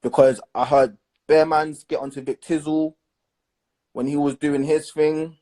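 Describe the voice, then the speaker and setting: A young man hosting a casual chat, giving blunt, animated opinions packed with slang. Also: on the high side, a little slow. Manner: blunt, animated, leans on slang and "do you understand".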